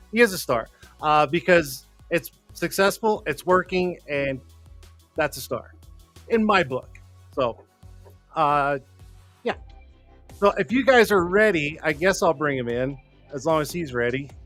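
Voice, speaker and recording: A man with a slightly high voice hosts a live stream in loose, casual chat. He rambles, swears freely and laughs often while faint music plays in the background. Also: fairly bright tone. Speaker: host of a live streamed show.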